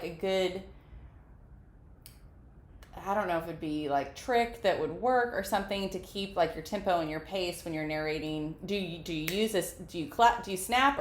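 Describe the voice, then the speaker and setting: A woman's voice: medium pitch, roomy sound. A woman hosting a casual interview, asking rambling, hesitant questions with many restarts. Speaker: podcast host.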